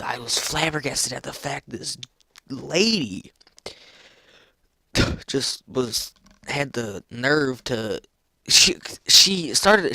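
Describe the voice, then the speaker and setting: A man's voice: mid-range voice, sharp tone, no echo. A teenage boy telling a personal story in a rambling, casual way, full of restarts. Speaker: vlogger.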